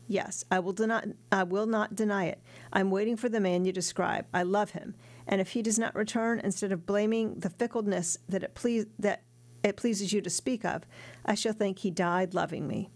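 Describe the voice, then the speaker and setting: A woman voicing a determined young woman in love, in an earnest, steady read. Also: medium pitch, normal speed, close to an everyday voice. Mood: pleading.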